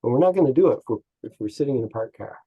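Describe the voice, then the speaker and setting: A man's voice: mid-range voice, lively intonation, racing, breathy edge, narrow, tinny audio. A man speaking as an interview guest and business coach, telling folksy stories with chuckles. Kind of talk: casual interview talk.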